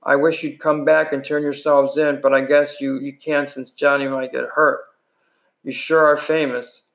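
A man's voice: mid-range voice, little pitch movement, normal speed, a bit bright, close to an everyday voice, rough recording. A man reading aloud an older brother's worried, homespun letter in a plain, subdued way.

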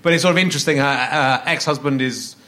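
A man's voice: medium pitch, quick pace, bright, forceful tone. A man hosting a podcast interview, asking rambling, hesitant questions full of restarts. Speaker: podcast host. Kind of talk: casual interview chat.

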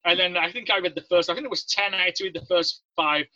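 Talking fast in a high voice, a Leeds-born Navy veteran with an English accent guests on an interview, spinning casual stories and acting out the voices of those he quotes with animation. The sound is dry, dull, and lo-fi.

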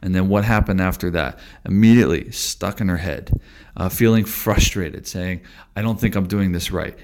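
A man teaching Tai Chi in a calm, deliberate monologue, slowing and stretching his words for emphasis. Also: low-pitched.

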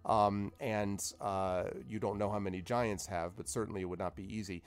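A man's voice: on the low side, fairly even intonation, normal speed. A man narrating as game master of a tabletop game, rambling with many fillers.

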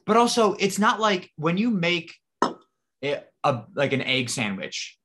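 Animated, swearing podcast co-host man. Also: sits high, a little slow. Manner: animated, profane, argumentative. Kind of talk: casual chat.

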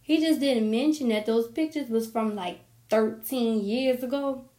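A woman's voice: fairly high pitch, unhurried. Chatty woman podcaster in an echoey room. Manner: chatty, animated, laughs while telling stories. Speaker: podcast host. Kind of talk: casual solo podcast chat.

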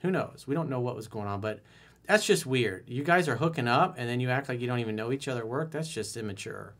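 A man giving blunt dating advice, reading a listener's letter aloud and reacting to it, acting out lines with sudden soft asides. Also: medium pitch, animated, fast. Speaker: dating coach.

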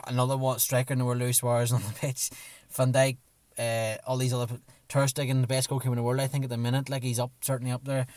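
Man, excitable, slightly hoarse, mid pitch, dry sound. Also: fast talker, hardly any pauses, no echo. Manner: excitable storyteller who acts out his own shouts. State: hoarse from shouting. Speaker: podcast co-host. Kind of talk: casual football chat.

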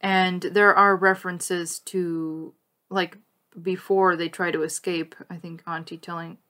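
A woman co-hosting a podcast laughs a lot as she chats animatedly and casually about a cartoon, her voice on the low side and her pace a little slow.

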